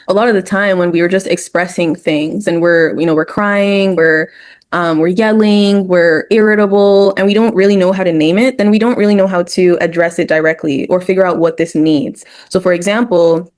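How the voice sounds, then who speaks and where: A woman's voice: mid-range voice, a little mellow. A woman speaking as a therapist guest in an educational discussion, explaining ideas point by point and sometimes acting out short quoted voices.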